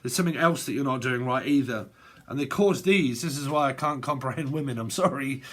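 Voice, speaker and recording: A man's voice: medium pitch, fairly quick, a bit bright. A man giving a casual tarot reading, rambling and swearing, often breaking into laughter. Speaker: tarot reader.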